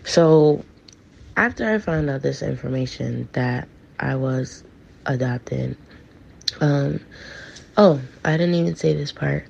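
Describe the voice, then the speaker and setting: A woman's voice: low voice, slow, gravelly, long pauses, darkish tone, slight background noise. A woman casually telling a personal story, acting out the texts she quotes, on a dull lo-fi recording. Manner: chatty, acts out quoted texts.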